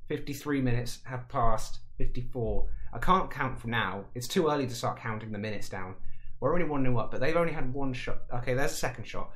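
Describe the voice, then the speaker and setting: A man giving casual, excitable commentary over a football management game, talking to himself and panicking aloud. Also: mid-range voice. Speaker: gaming YouTuber.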